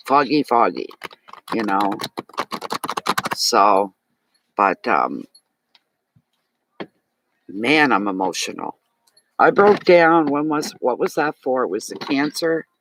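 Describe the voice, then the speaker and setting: A man with a Maritime Canadian accent gives a live tarot reading, chatting animatedly with his viewers and replying to chat comments. His voice is mid-range and slightly bright. The recording is rough, with a bit of hiss or hum.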